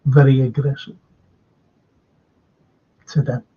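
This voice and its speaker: An older man with a Liverpool accent hosts a live stream, chatting casually and reading out viewer comments in a meandering way with many restarts. His husky, mid-range voice is level and slow, and the stream audio is dull and lo-fi.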